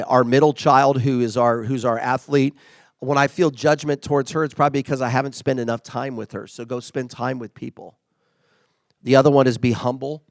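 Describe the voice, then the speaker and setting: A man's voice: mid-range voice, dry recording. A middle-aged man giving a casual, conversational motivational talk as a workplace leader. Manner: conversational, acts out quoted remarks.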